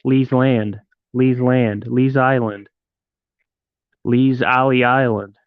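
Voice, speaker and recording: A man's voice: medium pitch, fairly even intonation, slow, pauses often, smooth, no echo. A man from Detroit hosting a live stream, joking and rambling as he teases his viewers. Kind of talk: casual live-stream chat. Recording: tinny phone-like sound, dry.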